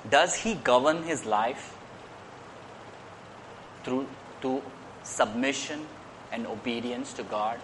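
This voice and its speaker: A man's voice: mid-range voice, slow, long pauses, background noise. A man preaching a sermon in an earnest way. He repeats phrases and lifts his voice on key points.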